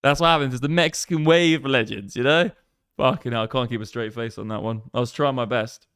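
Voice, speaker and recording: A brash young man banters with his livestream chat, swearing freely as he riffs on markets. His voice is smooth and resonant, and it sits close and dry with no room around it. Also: mid-range voice, fairly quick, a bit bright, dry recording. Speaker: crypto trading livestream host. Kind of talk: casual livestream chat, reading viewer comments.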